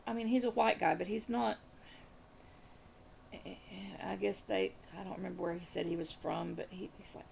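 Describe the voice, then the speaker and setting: A woman with a Southern American accent rambles through a long story in a casual, chatty way. Her voice is heavily creaky and gravelly, and it sits at an ordinary middle pitch. She circles back and repeats her phrases as she talks. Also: fairly even intonation, normal speed, darkish tone, slight background noise. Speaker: crafting vlogger.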